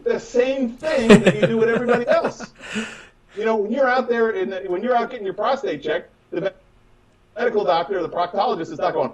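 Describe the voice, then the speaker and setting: A man coaching on chiropractic business in an emphatic, conversational way, acting out patients and doctors in quick little voices. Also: sits high, recorded from a distance, low-quality recording. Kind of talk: animated conversational advice.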